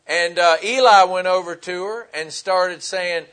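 A man preaching a sermon in a conversational way, pausing on fillers and retelling scripture as dialogue. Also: sits high, fairly bright tone, clean tone. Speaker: pastor.

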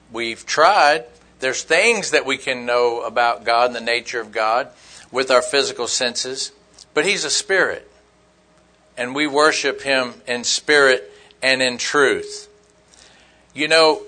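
Male preacher, straight-talking storyteller with a high, ringing voice. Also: pushed and bright. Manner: blunt, folksy storytelling with rhetorical questions. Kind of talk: conversational sermon.

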